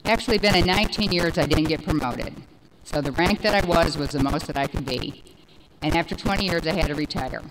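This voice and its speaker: A woman in her forties giving a personal recovery testimony, rambling and animated, with many fillers. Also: sits low, brisk, background noise. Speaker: speaker sharing recovery story.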